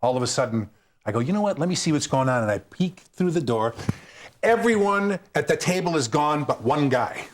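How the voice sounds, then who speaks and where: A man who does stand-up, here as a guest, relates a story from the road and acts out the people in it with animated energy. His voice is a little high and his pace a little fast.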